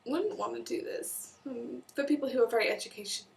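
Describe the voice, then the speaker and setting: A young Welsh woman talks casually to camera, her voice sitting a little high. She chats on, slipping into quick quoted asides and restarting her sentences as she goes. She sounds slightly distant from the microphone. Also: gravelly. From Wales. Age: young adult. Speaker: vlogger. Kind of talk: casual vlog monologue.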